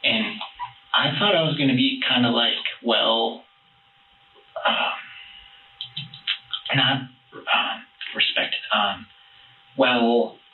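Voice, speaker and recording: A man being questioned by detectives, telling his story in a halting, rambling way with many restarts, heard on a distant police interview room recording. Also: mid-range voice, roomy sound, narrow, tinny audio, slight background noise.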